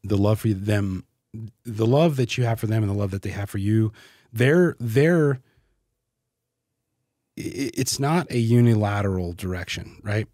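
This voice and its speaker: A man with a slightly low, husky voice speaks as a podcast guest. He talks in a heartfelt, halting way and often repeats words as he searches for them. The sound is dry and close. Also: dark tone, dry recording. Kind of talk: casual podcast conversation.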